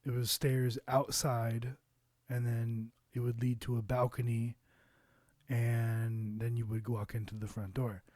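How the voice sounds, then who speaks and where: A man telling an anecdote to camera in a loose, rambling way, full of fillers and casual cursing. He talks slowly at a mid pitch, and the sound is close and dry. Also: little pitch movement, darkish tone, dry recording. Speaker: vlogger.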